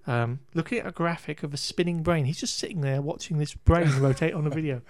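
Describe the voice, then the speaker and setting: A man co-hosts a podcast, casually recapping a film. His fairly quick, higher-pitched voice rambles, corrects itself with frequent restarts, and breaks into laughter often.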